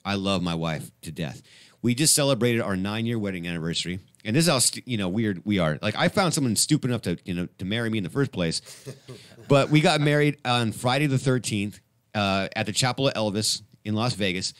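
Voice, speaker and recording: A middle-aged man hosting a live radio show, rambling and excitable, with many restarts. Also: on the low side, fairly quick, no room sound. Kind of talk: casual live radio chat.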